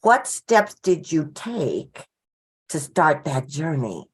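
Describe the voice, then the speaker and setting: A woman's voice: low voice, sing-song, slow pace, husky. A woman hosting an interview, asking her guest questions and speaking to her listeners directly. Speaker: podcast host.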